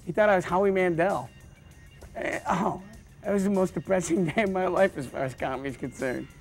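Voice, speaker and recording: A man who is a stand-up comedian, rambling through deadpan jokes with lots of stammers and restarts. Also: sits high, brisk, vocal fry, soft background music. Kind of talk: joking interview monologue.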